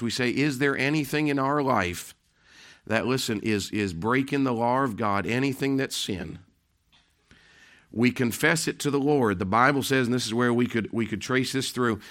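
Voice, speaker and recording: Emphatic bright-voiced male preacher. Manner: emphatic, rising pitch on key phrases, folksy asides. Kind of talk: sermon.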